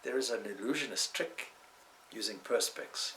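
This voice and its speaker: A man's voice: lowish voice, normal speed, pushed and bright, a little hiss or hum, rough recording. A man, a swami, giving a spiritual talk indoors in a discursive way, weaving in stories and side remarks. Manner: discursive, with asides and restarts.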